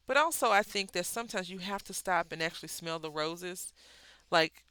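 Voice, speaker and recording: A bright, forceful voice with a smooth, crisp tone talks casually while coloring. The host rambles from thought to thought, stops to correct themselves, and gently encourages anyone going through a hard time. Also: medium pitch, moderate pace, no echo.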